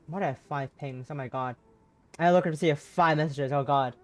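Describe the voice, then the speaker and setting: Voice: mid-range voice, fairly quick. A streamer rambling and swearing casually during a visual novel playthrough.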